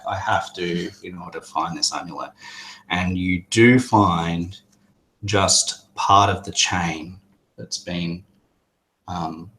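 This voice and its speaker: A man narrating a tabletop game as game master, hesitant and halting. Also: low-pitched, fairly bright tone, slight background noise. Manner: hesitant, many fillers and restarts.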